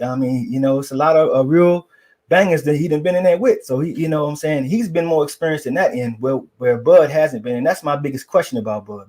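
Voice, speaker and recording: A man's voice: a little high, darkish tone. A man giving casual boxing analysis, slangy and rambling with many fillers.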